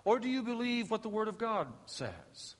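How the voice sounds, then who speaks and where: Bright-voiced preaching man in a reverberant hall. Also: sits high, very animated, normal speed. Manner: emphatic preaching, rising and dropping to a hush. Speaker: pastor. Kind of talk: sermon.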